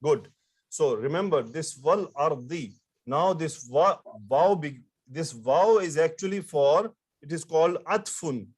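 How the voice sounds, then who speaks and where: A man's voice: on the high side, lively intonation, measured pace, husky. A man teaching an Arabic grammar lesson, explaining step by step and repeating key terms, with frequent fillers and restarts. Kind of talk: online-style grammar lecture.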